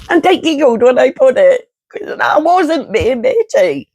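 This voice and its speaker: A woman's voice: a little high, sing-song, unhurried, vocal fry, darkish tone, husky, no room sound. A woman, ranting bluntly and chattily to her viewers, swearing and laughing as she goes. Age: 50s. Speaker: vlogger. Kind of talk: casual rant to camera.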